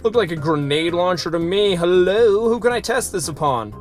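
A let's play host talks through a retro shooter in a casual, goofy way, with a voice that leaps up and down and sudden excited yelps. Silly sound effects and chatter aimed at the enemies fill the gaps, while quiet game music plays behind. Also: medium pitch, moderate pace, hardly any pauses. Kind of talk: casual gameplay commentary.

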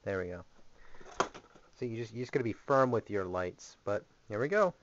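A man's voice: on the low side, expressive, moderate pace, dull audio, background noise. A young man giving a rambling, jokey, sarcastic tour of his small gaming closet, recorded on a camera mic. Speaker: vlogger. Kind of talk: casual home video tour.

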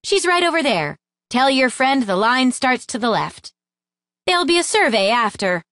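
A woman reading an audiobook, voicing a jealous young woman who snaps back loudly and sarcastically. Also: high-pitched, very animated, moderate pace, dry recording, studio quality, voice pushed up, exaggerated voice. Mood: sarcastic. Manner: loud, sarcastic, snappish.

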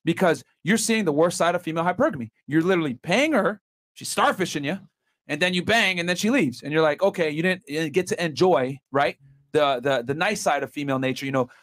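Male podcast host, casual and halting. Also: a little high, a bit bright. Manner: restarts and hedges with filler words. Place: podcast studio.

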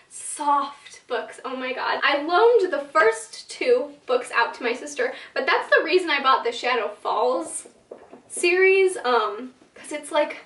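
Young adult woman, book vlogger; high voice, chatty, filler-heavy, dramatic asides; echoey room, mic a little distant. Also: a bit bright. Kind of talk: casual talking-to-camera vlog.

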